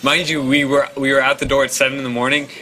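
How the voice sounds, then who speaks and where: A young man co-hosting a podcast tells a story among friends in casual, profane talk full of fillers, imitating the people involved. His mid-range voice has a sharp tone and little pitch movement, and he talks quickly. The other co-hosts laugh in the background.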